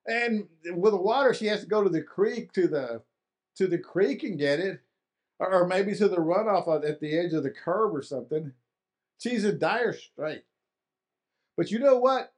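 Male pastor, casual, repeats words for emphasis, slightly high-pitched. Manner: conversational, repeats and restarts for emphasis. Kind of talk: sermon.

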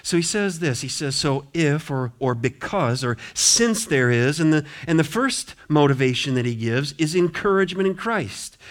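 A middle-aged man preaching a sermon as pastor, impassioned, swinging between loud appeals and quiet, low asides. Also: expressive, moderate pace, few pauses. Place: church sanctuary.

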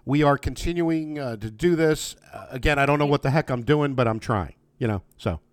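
A man's voice: medium pitch, a little fast, no room sound. A man hosting a podcast, talking casually and rambling with friendly fillers and restarts over a remote call. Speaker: podcast host. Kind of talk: casual interview. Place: home, remote video call.

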